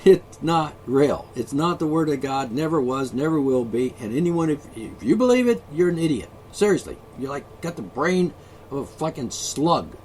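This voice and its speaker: A man in the middle of an angry solo rant, swearing freely and dripping with sarcasm. His pitch jumps all over the place as he mocks the people he is fed up with. A faint hiss of noise sits under the recording. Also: lively intonation, normal speed, a little mellow. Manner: profane, sarcastic, mocking. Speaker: ranting vlogger.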